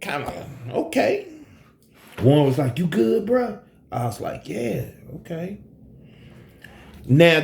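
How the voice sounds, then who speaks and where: On a live stream, a man tells a profane personal story, swinging between low asides and high, shouted quotes. The sound is roomy.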